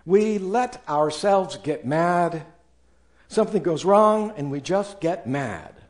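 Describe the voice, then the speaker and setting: A man preaching a sermon as pastor, acting out doubters and angry people in quoted voices. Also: fairly high pitch.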